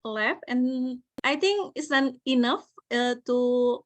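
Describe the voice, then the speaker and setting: A woman's voice: high-pitched, takes it slowly, no echo. A woman moderating a casual online discussion, laughing often as she passes questions along. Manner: friendly, laughs often, relaxed. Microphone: video call.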